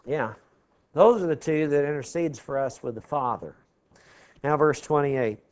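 A man teaches a Bible class verse by verse in a slightly high voice at a measured pace, explaining what words mean. He checks in with listeners often, frequently asking the class "okay?", and clears his throat.

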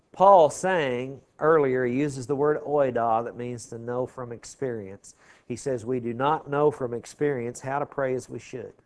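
A man teaching a Bible class verse by verse, explaining word meanings and often checking in with his listeners. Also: medium pitch. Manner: explanatory, asks the class "okay?" often, clears throat.

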